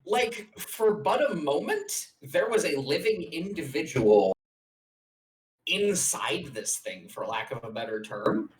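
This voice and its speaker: A man's voice: a little high, big pitch swings. Roomy, distant man running a game. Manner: halting, self-correcting narration. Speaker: game master. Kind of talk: narrating a tabletop game.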